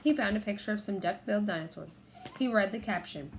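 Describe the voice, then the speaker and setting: A woman narrating a children's audiobook in a clear, measured storytelling manner. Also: medium pitch, slight background noise. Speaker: audiobook reader.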